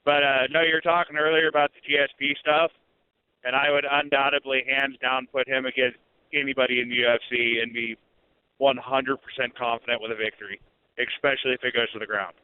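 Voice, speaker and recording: A man's voice: medium pitch, level tone, brisk, clean tone. A man calling into a radio show who speaks hesitantly, with many fillers. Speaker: caller. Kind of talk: call-in radio chat. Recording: tinny phone line.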